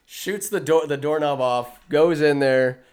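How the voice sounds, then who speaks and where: A man's voice: fairly high pitch, measured pace, a little mellow, clean tone. A man giving a casual, rambling, jokey recap of a movie, often interrupting himself.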